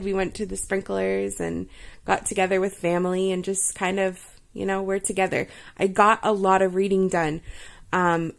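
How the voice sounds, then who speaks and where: A woman's voice: mid-range voice, gravelly. A woman in her thirties chatting casually about books she has read, rambling and giggly, with lots of fillers. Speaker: vlogger.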